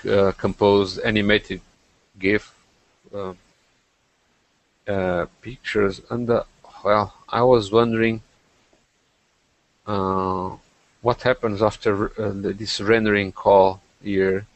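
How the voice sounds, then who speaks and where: A man hosting a podcast, chatting casually about tech with lots of pauses and fillers. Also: lowish voice. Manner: hesitant, many fillers and restarts. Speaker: podcast host.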